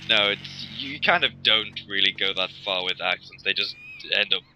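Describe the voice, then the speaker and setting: A man's voice: lowish voice, normal speed, pushed and bright, slight background noise, rough recording. Rambling joking male game commentator. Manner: rambling, joking, full of ums. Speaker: let's-play host. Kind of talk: casual gameplay commentary.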